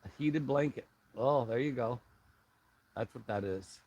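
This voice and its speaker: A middle-aged man hosting a casual live stream, rambling and halting as he reads viewer comments aloud and chats back. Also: mid-range voice, darkish tone, husky, highs cut off.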